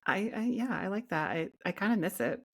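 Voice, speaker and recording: A woman's voice: mid-range voice, a little fast, slightly rough. A woman co-hosting a podcast interview, with a wry, teasing way of talking. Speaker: podcast co-host. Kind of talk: casual interview chat.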